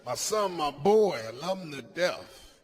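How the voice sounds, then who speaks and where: Brash, high-voiced stand-up comedian man. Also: lively intonation, a little slow, a crowd in the background. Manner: loud, brash, swings between growls and shouts. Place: comedy stage with live audience.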